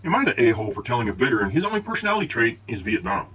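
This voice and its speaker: Guy reading posts out loud, kinda far from the mic, muffled and husky. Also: mid-range voice, very fast. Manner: plain, steady reading with small stumbles. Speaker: husband reading posts aloud. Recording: distant, dull and husky-sounding.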